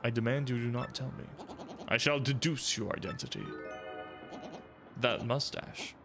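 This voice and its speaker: A man's voice: mid-range voice, moderate pace, vocal fry, music in the background, close to an everyday voice. A man reading as a pompous penguin detective. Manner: grand, formal speech. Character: pompous male penguin detective, self-important.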